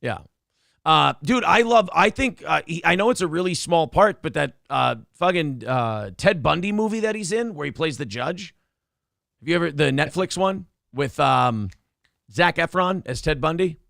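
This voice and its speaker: A man hosts a morning talk show in loose, crude banter, his voice sitting a bit high with a gravelly, bright edge. He rambles and jokes freely. The sound is close and dry, with no room around it. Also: animated, moderate pace, no room sound. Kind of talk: casual comedic chat.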